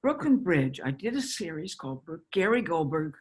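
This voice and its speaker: A woman in her nineties, an actress reminiscing in a chatty, halting way over a video call. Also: low-pitched, big pitch swings, a little mellow, husky. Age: 90s. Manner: chatty, halting with restarts and laughter. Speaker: actress guest. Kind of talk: casual interview reminiscing.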